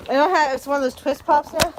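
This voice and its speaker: Woman, high voice, chatty, rambling, sick, casual phone vlog, faint background noise. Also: steady tone, fast. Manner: chatty, rambling, talks to viewers and her dog. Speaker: vlogger and mother. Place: at home, then outdoors in falling snow.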